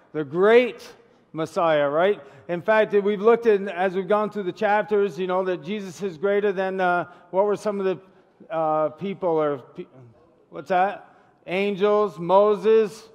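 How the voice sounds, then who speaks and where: A man preaching a casual sermon as pastor, chatty and asking the congregation questions. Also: high voice. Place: church sanctuary. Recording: long church hall reverb.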